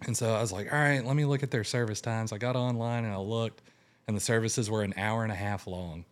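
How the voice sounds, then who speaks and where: Speaking fairly quickly in a lowish voice, a young man tells his long personal story as a guest in casual conversation. He brings it to life by acting out quotes in a raised voice.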